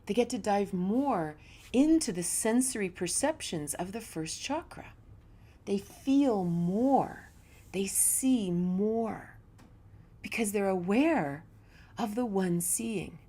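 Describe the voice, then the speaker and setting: Mellow-voiced woman teaching yoga philosophy. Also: mid-range voice, lively intonation, takes it slowly. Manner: reflective, storytelling, conversational. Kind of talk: spiritual teaching talk.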